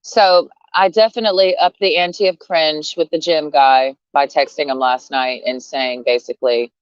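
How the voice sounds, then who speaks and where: Low-voiced woman ranting outdoors, sarcastic and blunt, cussing, dull dry sound. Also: fairly even intonation, moderate pace, clear, resonant tone, no echo. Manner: blunt, sarcastic, profane, laughing often. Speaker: vlogger. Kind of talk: casual rant to camera. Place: outdoors, sitting under a tree.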